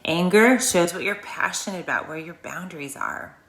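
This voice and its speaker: A woman with a low, bright and forceful voice talks listeners through an emotional release exercise. She rambles in a chatty, earnest way. The room around her is echoey. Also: lively intonation, normal speed. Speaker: host of a wellness channel. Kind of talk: guided emotional release talk.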